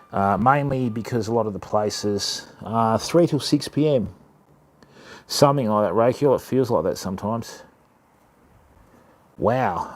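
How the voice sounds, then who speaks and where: A man's voice: mid-range voice, a little mellow. Chatty Australian man on a livestream. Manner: chatty, greets viewers by name, calls them mate and fam. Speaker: fishing livestream host. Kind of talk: casual live stream chat.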